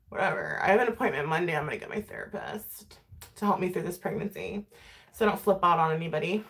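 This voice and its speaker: A woman's voice: lowish voice, fast, vocal fry, a bit bright. A woman vlogger chatting casually while doing her makeup, talking freely, laughing often and swearing. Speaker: beauty vlogger.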